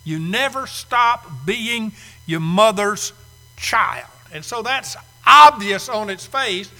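A man's voice: very high voice, pushed and bright. A man in his sixties preaching a sermon, putting heavy stress on key words by drawing them out and firing rhetorical questions at the congregation. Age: 60s. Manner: asks the audience rhetorical questions. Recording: echoey hall.

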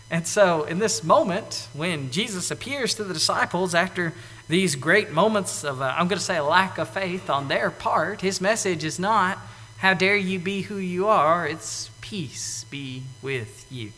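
A man preaching a sermon in an animated way, acting out the lines he quotes, now loud and now soft. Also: high-pitched, normal speed, long reverb tail. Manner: animated, acts out quoted lines with big swings in loudness.

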